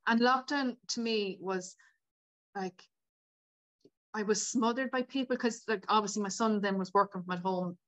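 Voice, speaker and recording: With a mid-range, fairly bright voice at a moderate pace, a podcast guest in her 50s shares an emotional personal story. She speaks candidly, tears up at moments, and leans on "like" as a filler.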